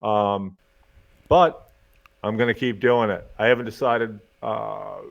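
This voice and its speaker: A middle-aged man with a fairly low voice spins loose, lively stories on his own podcast, cursing casually and muttering asides. He speaks into a desk microphone, and the sound comes through a little muffled and lo-fi. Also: slow pace, vocal fry. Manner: lively, swears casually, talks to himself while fiddling with gear. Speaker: college professor and podcast host. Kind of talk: casual storytelling monologue.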